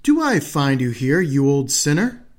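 A man's voice: fairly high pitch, very animated, a little slow. A man voicing a huntsman in a fairy tale, speaking firmly and directly. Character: bold adult male huntsman, blunt.

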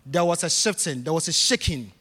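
A man's voice: on the high side, expressive, a little fast, bright, forceful tone, husky. A man preaching a sermon with emphatic, repetitive phrasing that swells into bursts. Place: church hall. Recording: reverberant hall with faint music.

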